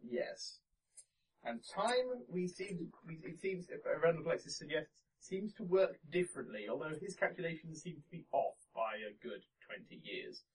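Man, husky and slightly raised voice, jokey rambling chat, distant mic. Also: fairly high pitch, lively intonation, moderate pace. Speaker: tabletop game player. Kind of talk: casual chat among friends.

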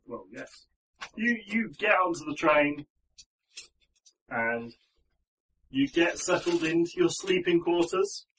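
A man's voice: a little high, animated, takes it slowly, pauses often, a bit bright, distant mic, a little hiss or hum, rough recording. Rambling man running a tabletop game. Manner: rambling, with frequent ums and restarts. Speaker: game master.

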